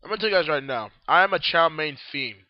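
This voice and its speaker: Here the same kind of host, a young man doing a laid-back solo newscast, rambles through it while eating and drinking, tired and groggy. His pitch is fairly high and his delivery animated and quick, with dull audio and no room sound.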